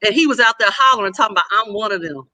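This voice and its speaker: Bright, animated woman telling a story. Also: mid-range voice, rapid-fire, dry recording. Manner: animated, acts out quoted voices; blunt and comic. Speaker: podcast co-host. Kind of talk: casual storytelling chat.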